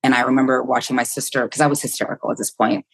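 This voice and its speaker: Racing along in a very deep voice with a flat delivery, a woman in her fifties from the US shares a personal story as a podcast guest. She's candid and vivid, saying her thoughts out loud and swearing freely.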